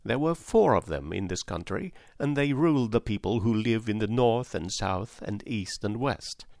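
A man voicing a gentle, apologetic old humbug wizard in a storybook reading, in a kindly, confiding way. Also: on the low side, lively intonation, normal speed, creaky, no echo, clean studio sound. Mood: rueful.

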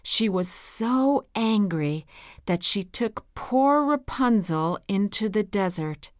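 A woman reading a fairy tale aloud in a slow, clear and deliberate way. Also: mid-range voice, lively intonation, no echo, studio quality. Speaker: storyteller.

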